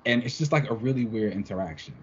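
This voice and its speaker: A man casually recapping a comic book in a podcast, animated and full of "like", often acting out the characters' lines. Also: on the low side, quick pace. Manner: animated, acts out characters' quotes, frequent "like". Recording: dull lo-fi sound with faint noise.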